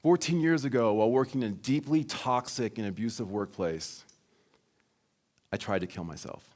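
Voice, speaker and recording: A man giving a motivational keynote, telling a personal story in a lively way and acting out quoted lines. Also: mid-range voice, normal speed. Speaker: keynote speaker.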